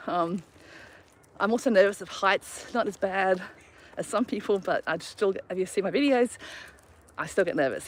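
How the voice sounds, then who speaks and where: A middle-aged woman chats through a live stream outdoors, a little out of breath from walking. She tells stories with easy self-mocking laughs, speaking at a middling pitch into a phone held at arm's length, with faint background noise. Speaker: travel vlogger hosting a live stream. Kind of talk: casual live chat while walking her dog. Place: outdoors on a walk.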